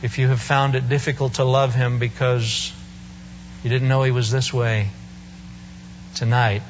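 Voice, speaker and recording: A man's voice: medium pitch, highs cut off, noisy background. A male preacher giving a sermon in a church service, telling the story with humor and playful asides.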